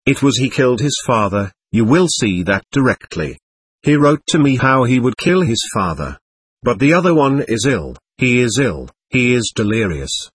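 Hysterical young woman, read by a man; urgent, pleading, husky. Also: medium pitch, big pitch swings, moderate pace, no echo. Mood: frantic.

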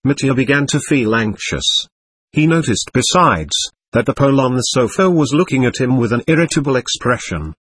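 Expressive male audiobook narrator. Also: mid-range voice, normal speed, husky. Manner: expressive storytelling. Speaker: audiobook reader.

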